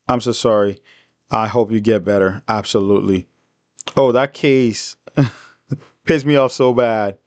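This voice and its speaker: A man hosting a livestream, reading comments and telling a story in an animated, repetitive, indignant way. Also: lowish voice, measured pace, long pauses, no echo. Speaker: livestream host.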